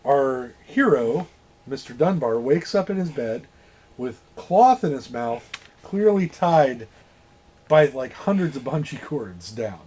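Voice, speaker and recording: A man co-hosting a casual movie review show, retelling the plot in a lively way with swearing and acted-out quotes. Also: medium pitch, takes it slowly, breathy edge. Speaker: podcast co-host.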